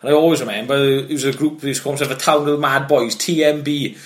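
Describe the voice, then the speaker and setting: A man of middling pitch spins rowdy boxing yarns in a loose, chatty podcast manner. His delivery is animated and peppered with swearing, the voice neither high nor low. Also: brisk. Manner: animated, profane anecdote-telling. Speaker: podcast host, former amateur boxer. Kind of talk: casual storytelling chat.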